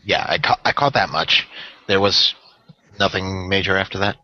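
Bright, dry-sounding casual man. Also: low-pitched, normal speed, no room sound, muffled recording. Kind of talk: casual discussion.

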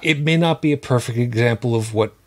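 A man in his fifties co-hosting a podcast, talking in a casual, halting way with many restarts and some swearing. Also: mid-range voice, a little mellow. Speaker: podcast co-host. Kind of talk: casual chat.

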